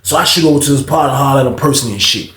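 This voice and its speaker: A man casually telling a story in heavy street slang, animated and acting out the people he quotes. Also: medium pitch, racing. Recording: roomy echo.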